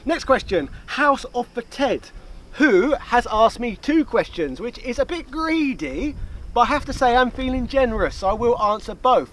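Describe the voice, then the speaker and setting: A man hosting a casual Q&A, chatty and jokey, with quick asides. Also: very high voice, big pitch swings, fairly bright tone, a little hiss or hum, poor audio. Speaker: YouTube host. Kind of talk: casual Q&A chat. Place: outdoor location, light background noise.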